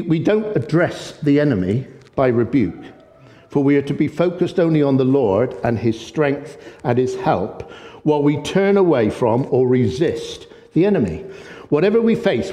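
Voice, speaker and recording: A man delivers a sermon with growing fervor. His voice sits fairly high but sounds mellow and warm. A long reverb trails each phrase, as if he were speaking in a large hall. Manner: impassioned, gets excited and loud. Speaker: preacher.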